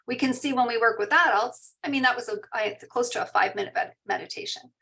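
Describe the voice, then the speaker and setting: Soft-spoken woman guiding meditation. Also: fairly high pitch, vocal fry. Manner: soft, slow and soothing, reads out participants' shares. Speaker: mindfulness teacher. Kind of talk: guided meditation and parent info session. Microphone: online video call.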